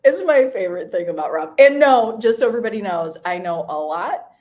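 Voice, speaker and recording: A woman's voice: medium pitch, expressive, fairly quick, a little mellow. Bubbly teasing woman co-host. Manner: bubbly, teasing, laughs often. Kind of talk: casual live-stream chat.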